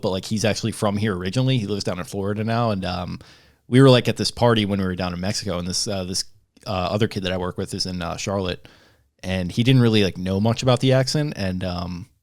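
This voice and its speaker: A man's voice: sits low, dry recording, studio quality. A young man co-hosting a casual sports podcast, rambling with lots of fillers in an easygoing way. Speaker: podcast co-host.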